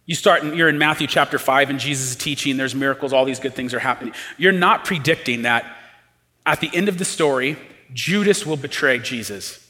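Earnest man preaching in a reverberant hall. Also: fairly quick. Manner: earnest, rising to emphatic pleas and dropping low and quiet. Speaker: pastor. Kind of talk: sermon.

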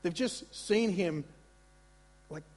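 Husky-voiced man preaching in a hall. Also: sits high, slow. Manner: conversational, animated preaching with asides and repetitions. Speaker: pastor. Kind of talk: sermon.

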